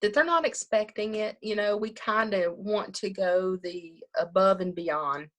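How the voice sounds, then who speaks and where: A woman's voice: medium pitch, a little slow. A woman funeral director talking casually in an interview, chatty, often laughing and acting out what people say.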